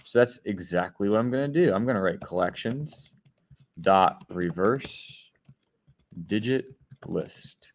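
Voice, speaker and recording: A man leads a coding lesson with a somewhat low voice. He explains each step patiently and keeps checking that his students follow along. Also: slow pace. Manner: step-by-step explaining, often checking in with "right?" and "okay?". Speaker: programming teacher. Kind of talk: screen-share coding lesson.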